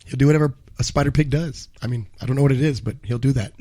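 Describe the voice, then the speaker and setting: A man's voice: medium pitch, fast talker, dark tone. A man co-hosting a live cannabis news show, rambling and profane, often correcting himself mid-sentence. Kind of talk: casual live show banter and news commentary.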